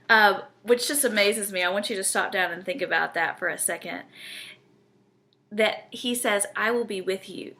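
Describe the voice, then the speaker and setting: A woman's voice: mid-range voice, vocal fry, bright, forceful tone. A woman, teaching a Bible study in an earnest, conversational way and often checking in with her listeners.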